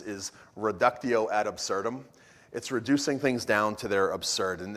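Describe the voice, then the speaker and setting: A man giving an energetic, joking talk at a church conference, often restarting his sentences. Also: on the low side. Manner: animated, joking, frequent restarts. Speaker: conference speaker. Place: church hall. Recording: long hall reverb.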